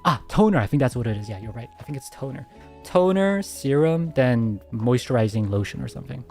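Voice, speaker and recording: A man streamer answering viewer questions in a soft, hesitant casual chat, speaking very close to his mic at home. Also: mid-range voice, expressive, fairly quick, gravelly, faint music behind. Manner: soft-spoken, hesitant, many restarts.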